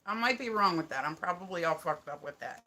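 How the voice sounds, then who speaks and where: A woman's voice: on the low side, lively intonation, quick pace, pushed and bright, a little hiss or hum. A woman with a New Jersey accent chatting casually on a livestream, rambling, laughing often and swearing casually. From United States. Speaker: live streamer. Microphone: phone.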